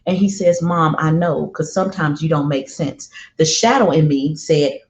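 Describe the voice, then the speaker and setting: Middle-aged woman telling a heartfelt story. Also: deep voice. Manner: emphatic, slow and deliberate with heartfelt repetition. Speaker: parenting speaker. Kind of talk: personal storytelling monologue. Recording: roomy, dull lo-fi sound.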